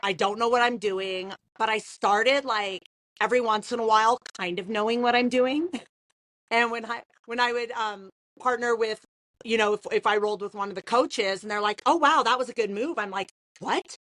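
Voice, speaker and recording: A woman in her thirties, a podcast co-host, telling a story in casual, animated chat with laughs and lots of "like". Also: a little high, normal speed, dry recording.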